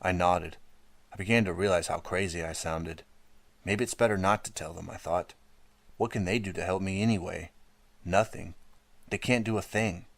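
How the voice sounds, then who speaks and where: Low-voiced man narrating an audiobook. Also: moderate pace, vocal fry, long pauses, no room sound. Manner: steady first-person storytelling. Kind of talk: scripted narration.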